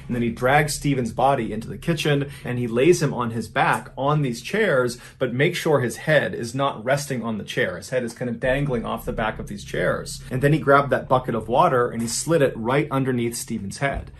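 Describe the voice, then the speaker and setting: A man narrating a true crime story in a measured, grave storytelling manner, acting out the quoted lines. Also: medium pitch, a little hiss or hum.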